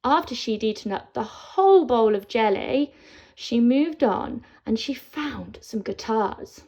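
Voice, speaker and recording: Casting: woman teacher, storyteller for kids, slow and very lively in pitch, lo-fi audio. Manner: expressive, slow, sing-song reading. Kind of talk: storytelling for children. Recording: dull lo-fi sound.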